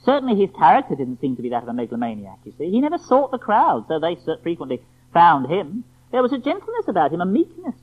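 Lively preacher on a tinny recording. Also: mid-range voice, fast talker, slightly rough. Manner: rhetorical, emphatic, full of questions to the listeners. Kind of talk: evening sermon. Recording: tinny phone-like lo-fi sound.

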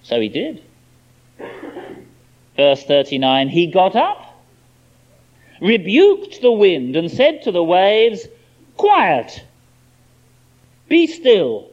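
A man's voice: high voice, big pitch swings, slow, long pauses. A man preaching a sermon, explaining a scripture passage in an emphatic, expository way. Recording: dull lo-fi sermon recording.

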